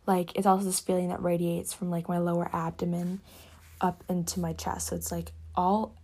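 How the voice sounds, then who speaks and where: Young woman host, low-pitched, gravelly fry; soft, halting solo reflection, slips into whispers. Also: flat delivery. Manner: soft-spoken, halting, often drops to a whisper. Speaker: podcast host. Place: her cabin.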